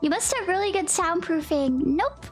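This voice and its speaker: Bubbly high-voiced woman livestreamer. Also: lively intonation, normal speed, soft background music. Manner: bubbly, gasping and giggling, greeting chatters with howdy. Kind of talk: casual livestream chat, reading chat.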